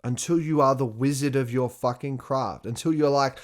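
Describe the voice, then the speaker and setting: A man's voice: medium pitch, moderate pace, few pauses. A male podcast host in a loose, unscripted monologue. He swears freely, laughs often and breaks into acted-out quotes of himself, with an everyday mid-range voice. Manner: profane, animated storytelling with laughs and acted-out quotes. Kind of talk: casual solo podcast monologue.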